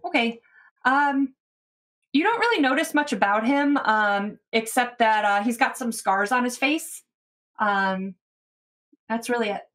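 A woman's voice: a little high, animated, measured pace, long pauses, fairly bright tone. A woman narrating a tabletop game as game master in an easygoing way. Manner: easygoing, many fillers.

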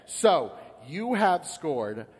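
A man's voice: big pitch swings, drawn-out words, breathy edge, long reverb tail, full character voice. A man voicing a cheerful male angel at heaven's gate in an upbeat, congratulatory way. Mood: chirpy. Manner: upbeat, congratulatory, rising to high squeaks.

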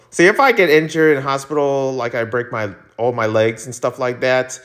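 A man's voice: mid-range voice, normal speed, hardly any pauses, fairly bright tone. A man reading a webtoon aloud on his channel, giving casual, jokey reaction commentary and laughing often. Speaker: webtoon reader.

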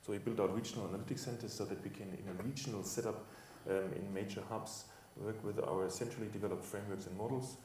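A man with a very low voice explains his points on a conference panel in a measured way, pausing on hesitant fillers. He is heard from a distance in an echoing hall, with faint ambience underneath. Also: fairly even intonation, darkish tone, a little hiss or hum. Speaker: reinsurance executive panelist. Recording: roomy panel hall from far off.

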